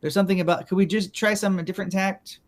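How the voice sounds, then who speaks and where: A man's voice: high-pitched, steady tone, fast talker. A man improvising a fussy casting director who keeps interrupting auditions over a video call. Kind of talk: improv comedy scene.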